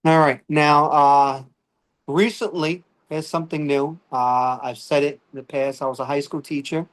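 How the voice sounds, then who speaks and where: A man's voice: on the high side, fairly even intonation, normal speed. A middle-aged man, doing a rambling stand-up set full of fillers and "all right?" check-ins. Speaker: stand-up comedian.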